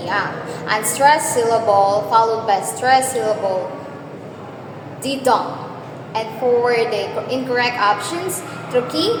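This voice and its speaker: Woman teacher, echoey noisy room. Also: a little high. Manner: explains step by step, checks in with "okay?". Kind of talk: exam review lesson. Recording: echoey room with loud background noise.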